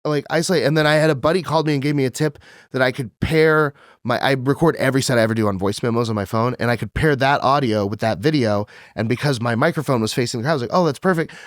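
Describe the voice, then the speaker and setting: A man who does stand-up, talking as a podcast guest and telling animated, profane stories with frequent laughter. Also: medium pitch, quick pace, dry recording, clean studio sound. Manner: animated storytelling, swears freely, laughs often. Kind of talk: casual podcast chat.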